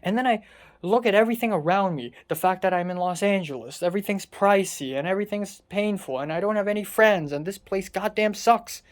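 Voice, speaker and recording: A young adult vlogger, pouring out an exasperated, sarcastic rant full of swearing. The voice sits at an ordinary middle pitch and sounds distressed and worn down. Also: brisk. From Hong Kong. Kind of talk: casual confessional vlog rant.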